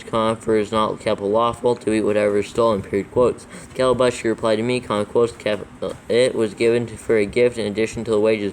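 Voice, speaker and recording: Brisk, flat male reader dictating text with punctuation for a proofread check. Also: on the low side, a little hiss or hum, poor audio. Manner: flat, steady reading that spells out punctuation and letters. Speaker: scripture reader in a proofreading session.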